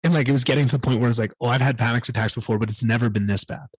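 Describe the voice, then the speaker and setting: A man's voice: mid-range voice, steady tone, rapid-fire, husky, no echo. A man hosting a solo podcast, telling a candid personal story in a rambling way and swearing often. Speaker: podcast host.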